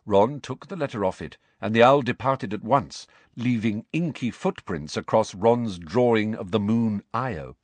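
A man's voice: lowish voice, a little slow, few pauses, no room sound. A man narrating a children's fantasy novel aloud, expressively, shifting his voice for each character. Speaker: audiobook narrator. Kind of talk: scripted storybook narration.

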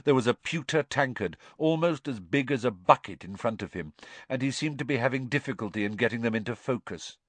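A man giving expressive, scripted storybook narration at a close mic. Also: mid-range voice, brisk, no room sound. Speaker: audiobook narrator.

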